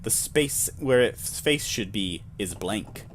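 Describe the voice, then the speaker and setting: A man's voice: on the low side, lively intonation, takes it slowly, few pauses. A man narrating a solo tabletop game in a self-amused, chatty way, dropping jokey asides.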